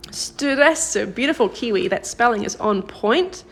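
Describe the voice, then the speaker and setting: A woman's voice: a little high, lively intonation, a little hiss or hum. Patient, encouraging woman teaching a lesson. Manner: patient, encouraging, praises viewers by name; slows down to model example sentences. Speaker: Korean language teacher. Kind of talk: live-streamed grammar lesson.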